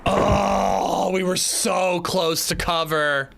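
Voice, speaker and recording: A man casually commenting on his survival shooter game during a livestream, chatting with viewers and reacting out loud. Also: high voice, steady tone, extremely slow, vocal fry. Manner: chatty, reacts loudly, talks to chat. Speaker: streamer playing a survival shooter.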